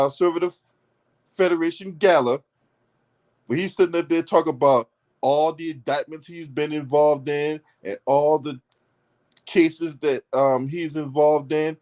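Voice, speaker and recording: A man with a fairly high voice tears into politics in a heated, profane commentary rant. He is blunt and mocking, swearing at every turn as he talks straight to his audience. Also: darkish tone.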